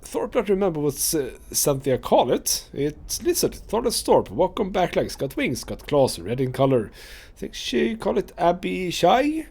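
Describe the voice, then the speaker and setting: A man's voice: sits high, very animated, measured pace, vocal fry, darkish tone, breathy edge, voice pushed up, full character voice. A man doing a hulking dim brute warrior. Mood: plodding. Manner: broken simple speech. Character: huge dim-witted male brute warrior.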